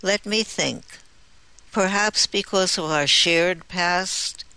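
A man's voice: high voice, takes it slowly, pushed and bright, smooth, dry recording, full character voice, rough recording. A narrator voicing a smug, teasing male cosmonaut who mocks his commander. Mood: mocking.

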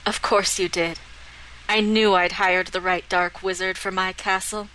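A woman's voice: medium pitch, little pitch movement, a little slow, pushed and bright, a little hiss or hum, rough recording. A woman voicing a powerful, possessive queen who speaks in a commanding tone that defies any challenge.

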